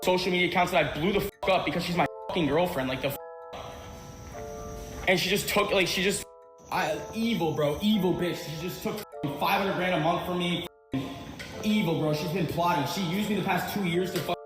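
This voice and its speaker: A man's voice: sits high, fairly quick. A young man ranting on a livestream, swearing heavily and repeating himself, worked up and bitter. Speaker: streamer. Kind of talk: angry livestream rant. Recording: roomy clip with music underneath.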